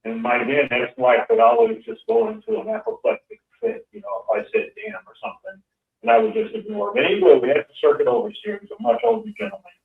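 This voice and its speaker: Man on a phone line, gravelly, lively pitch, chuckling storyteller. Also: fast talker. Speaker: caller. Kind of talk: casual anecdote.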